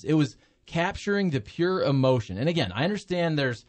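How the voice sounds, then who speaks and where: A man's voice: a little high, expressive, normal speed, darkish tone. A man co-hosting a sports radio show, speaking in a conversational, reminiscing way. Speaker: radio sports talk co-host. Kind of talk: casual sports talk.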